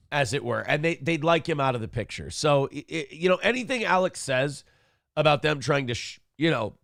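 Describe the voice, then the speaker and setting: A man hosting a morning talk show, swearing freely and jumping into loud impressions of others. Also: medium pitch, no room sound, clean studio sound. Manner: profane, animated, mimics others in loud bursts. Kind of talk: casual podcast commentary.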